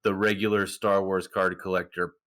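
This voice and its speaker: A man co-hosting a casual hobby podcast, talking in an animated, joking, opinionated way. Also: low voice, normal speed. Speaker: podcast co-host.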